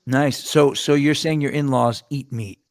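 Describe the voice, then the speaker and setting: A man hosting a casual chat show, telling rambling stories with quick laughs and restarts. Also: mid-range voice, fairly even intonation. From New York. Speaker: host.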